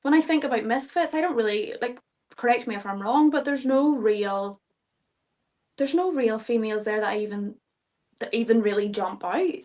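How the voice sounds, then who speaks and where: A woman's voice: a little high, normal speed, a little mellow. A young Irish woman, a fighter guest in an interview, talking casually, swearing freely and laughing often. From Ireland.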